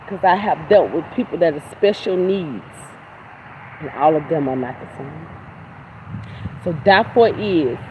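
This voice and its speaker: A woman's voice: on the low side, noisy background. A middle-aged woman hosting a livestream, speaking bluntly and emphatically about energy, God and people she won't deal with, with some cursing. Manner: blunt, emphatic, preachy, with spiritual talk and cursing. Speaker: livestream host. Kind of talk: casual livestream monologue.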